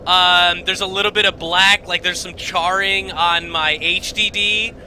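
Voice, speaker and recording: Young male streamer, high bright voice, rambling swear-heavy story, desk mic at home with light hiss. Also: unhurried, low-quality recording. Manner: rambling, animated, swearing, many fillers and restarts. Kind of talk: casual storytelling to stream viewers. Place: home basement room.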